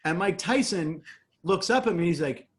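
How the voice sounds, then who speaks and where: Middle-aged male comic, slightly high-pitched, lively anecdotal delivery. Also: moderate pace. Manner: animated storyteller, acts out quotes, laughs often. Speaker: guest, comedian and game show host. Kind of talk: casual interview storytelling.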